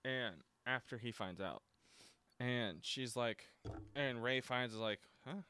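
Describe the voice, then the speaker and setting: A man's voice: medium pitch, slow, sharp tone, clean tone, no echo. A man hosting a casual solo movie-review podcast. He rambles, swears freely and often restarts his sentences. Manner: rambling and profane, with frequent restarts and fillers. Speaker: podcast host. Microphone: speaks from notes, seated at a desk mic.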